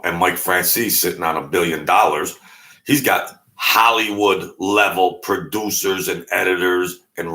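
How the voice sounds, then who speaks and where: On his own channel, this YouTube host gives a loose, joking vlog monologue full of self-deprecating asides. He speaks low, with vocal fry and a sharp tone.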